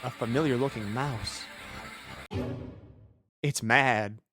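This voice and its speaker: A male streamer talks through a game at a middle pitch, half muttering the on-screen text and half riffing on it with irreverent jokes and the odd swear. His asides wander, stuffed with "like", with quiet game music under him. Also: slow pace. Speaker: streamer playing a video game. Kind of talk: casual gameplay commentary, reading game text aloud.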